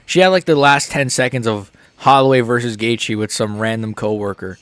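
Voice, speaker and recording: A man's voice: medium pitch, moderate pace, a bit bright, no echo. A young American man hosting a live stream, reacting to fights in a rambling, casual, jokey way.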